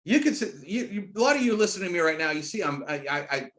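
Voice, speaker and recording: A middle-aged man leads a screen-share training presentation with a slightly raised pitch. He talks hyped and emphatic, in rapid runs that burst upward into loud, high punches of emphasis. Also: very animated. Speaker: network marketing trainer.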